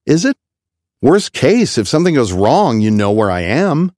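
A brash, playful friend who always argues for the bold plan, as a male audiobook narrator puts him on. The voice sits noticeably higher than the reader's own and rolls along with easy confidence. The sound is dry and close. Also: very animated, normal speed, darkish tone, no room sound, close to an everyday voice. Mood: eager. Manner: breezy and insistent.

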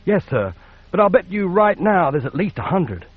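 A man's voice: high-pitched, big pitch swings, normal speed, dry recording, narrow, tinny audio, voice pushed up. A man voicing a young female navy ensign, urgent and commanding in a crisis. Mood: alert.

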